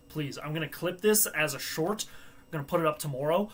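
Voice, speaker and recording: A man's voice: fairly high pitch, moderate pace, a bit bright. A man hosting a live stream, chatting casually and joking to himself with frequent laughs. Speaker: livestream host.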